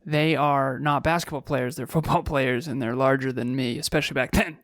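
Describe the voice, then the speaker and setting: A man's voice: medium pitch, steady tone, brisk, fairly bright tone, no room sound, clean studio sound. A man in his thirties co-hosting a podcast, telling stories in an earnest, reflective way. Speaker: podcast co-host. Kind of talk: casual chat.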